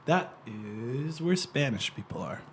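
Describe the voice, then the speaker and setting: A man's voice: mid-range voice, animated, slow, gravelly, breathy edge. A man from Canada, an actor guest, chatting casually in a teasing, slangy way and laughing often. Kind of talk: casual chat.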